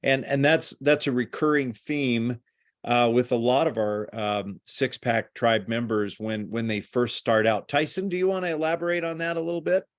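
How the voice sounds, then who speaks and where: A man's voice: mid-range voice, normal speed. A man with a mid-range voice hosts a group call. He keeps things conversational and hands questions off to his guests. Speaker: host and coach. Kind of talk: hosting a group video call.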